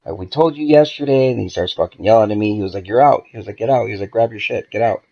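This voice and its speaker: A man's voice: fairly low pitch, racing, creaky, slightly rough, lo-fi sound. A man, a podcast guest, telling a story in a casual, profane way and acting out the dialogue as he goes. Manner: profane, animated, acts out quoted dialogue.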